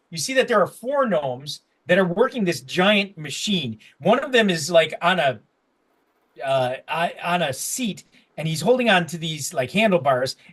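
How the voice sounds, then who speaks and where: Rambling game master man, lively voice. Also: on the high side. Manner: rambling, full of fillers and restarts. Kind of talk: narrating a tabletop game.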